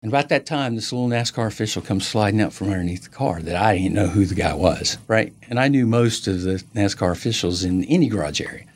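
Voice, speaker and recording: Husky-voiced man telling a lively story. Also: fairly low pitch, quick pace, hardly any pauses. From United States. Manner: animated, acts out quoted dialogue. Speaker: interview guest. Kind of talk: storytelling in an interview.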